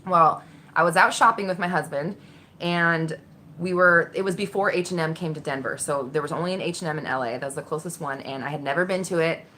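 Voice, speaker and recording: Animated bright-voiced woman telling a story. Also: low-pitched, brisk, slight background noise. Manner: candid, animated, swears freely, acts out voices. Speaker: vlogger. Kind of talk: casual storytelling.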